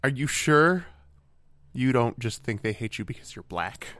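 Podcast co-host, male, average pitch, wry and needling, recorded dry. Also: unhurried, no echo. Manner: teasing, wry, deadpan needling. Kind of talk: casual comedic chat.

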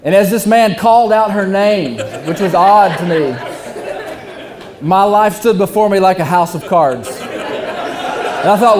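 A middle-aged man, telling a funny story to a live crowd, animated and self-deprecating, acting out the voices of others. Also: high voice, a little slow, pauses often.

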